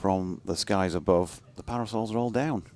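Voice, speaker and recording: A man with a low voice banters from a cricket commentary box. His humour is dry and wry, and he talks at an unhurried, chatty pace. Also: a little mellow.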